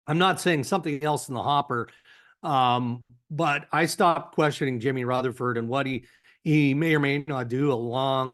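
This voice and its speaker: Canadian guy on a hockey podcast, steady analytical talk, lots of "you know", middle pitch. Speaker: hockey insider guest. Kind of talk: podcast interview.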